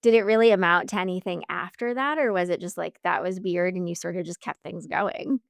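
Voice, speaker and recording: A woman's voice: fairly low pitch, brisk, creaky, no room sound, clean studio sound. A woman hosting an interview, who asks supportive follow-up questions and reflects back what her guest says. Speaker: podcast host.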